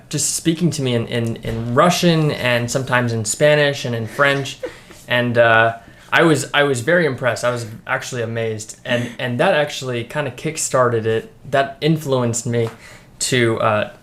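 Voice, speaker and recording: A young man in casual chat, speaking in a relaxed, hesitant way with frequent pauses to search for words. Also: medium pitch. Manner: relaxed, hesitant, lots of fillers and restarts. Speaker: guest friend.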